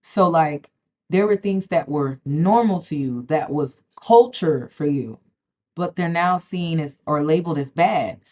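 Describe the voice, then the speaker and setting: Woman, low voice, emphatic, repetitive, casual vlog talk. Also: measured pace, mellow. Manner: emphatic, repeats words, keeps checking in with "okay?". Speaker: spiritual vlogger. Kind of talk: casual direct-to-camera talk.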